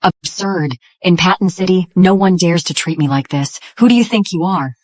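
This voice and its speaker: An actress playing a proud, sharp-tongued older grandmother, calm and cutting, in an English drama dub. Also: on the low side, normal speed, no echo, clean studio sound, natural voice.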